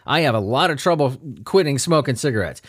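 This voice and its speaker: A man's voice: mid-range voice, animated, brisk, dry recording, studio quality. A man hosting a comedy news podcast, riffing on odd stories in a sarcastic, profane way. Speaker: podcast host.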